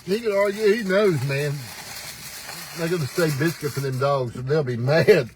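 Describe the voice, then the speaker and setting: A man's voice: a little high, moderate pace, darkish tone, slight background noise, poor audio. An older man hosting a casual morning livestream, folksy and teasing, laughing often as he talks. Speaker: host. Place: pickup truck.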